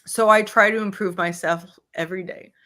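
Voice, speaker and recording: A woman's voice: mid-range voice, fairly even intonation, normal speed, sharp tone. A woman hosting an online book club, reading a memoir aloud and chatting in a heartfelt way. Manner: heartfelt, breaks off to apologize.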